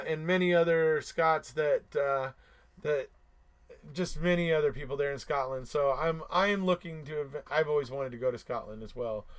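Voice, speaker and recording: A man's voice: fairly high pitch, smooth. A man with a slightly raised voice chatting casually on a live stream. He answers viewer comments and hammers his points home by repeating them, with a chuckle here and there. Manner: repetitive, emphatic, chuckles between remarks. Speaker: livestream host reading viewer comments.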